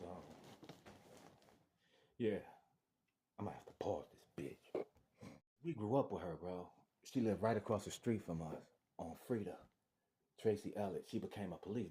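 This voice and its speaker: Low-voiced man telling a story. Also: normal speed, long pauses. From Detroit. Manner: animated, acts out voices, restarts and repeats words. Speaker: storyteller sharing his testimony. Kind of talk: casual personal storytelling.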